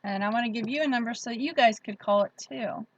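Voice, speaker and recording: A woman's voice: fairly high pitch, brisk, highs cut off, a little hiss or hum. A woman hosting a casual livestream, chatting in a friendly way and greeting viewers by name. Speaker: livestream host. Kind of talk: casual livestream chat reading viewer comments.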